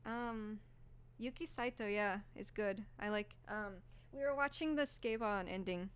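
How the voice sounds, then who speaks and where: A young woman streamer with a mid-range, slightly hoarse voice speaks at a measured pace. In casual live-stream chat she rambles and gushes, filling her talk with lots of fillers.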